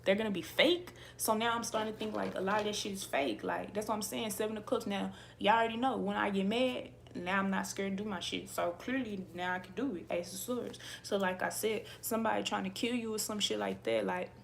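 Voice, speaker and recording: A woman's voice: medium pitch, steady tone, fairly quick, gravelly, few pauses, a little hiss or hum. A woman YouTuber who reads tarot, ranting angrily to camera in a profane, repetitive way.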